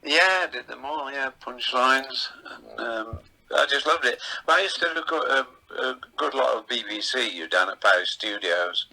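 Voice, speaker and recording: An older man from England, a veteran comedian, telling rambling anecdotes in a relaxed chatty way. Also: medium pitch, moderate pace, gravelly, poor audio. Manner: chatty, rambling anecdotes with playful voices in quotes.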